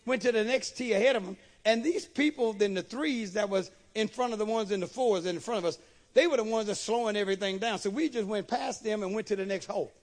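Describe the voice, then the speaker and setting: A man's voice: sits high, fast. A man, a bishop, preaching a sermon with emphatic delivery and frequent amens.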